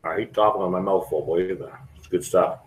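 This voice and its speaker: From a restaurant, a middle-aged man with a low, steady voice speaks at normal speed on a casual live stream, talking frankly and rambling to his viewers. The audio is poor, with slight background noise.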